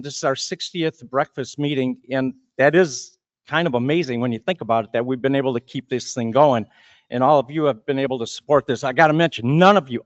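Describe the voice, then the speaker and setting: A man's voice: mid-range voice, no echo, lo-fi sound. A man giving opening remarks as master of ceremonies at a breakfast meeting, chatty and rambling, often repeating words.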